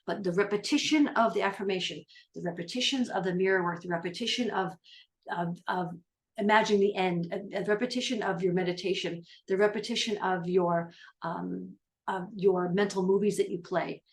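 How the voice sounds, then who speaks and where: A woman's voice: medium pitch, steady tone, brisk, creaky. A middle-aged woman life coach giving a casual, upbeat motivational talk, rambling a little with fillers and restarts.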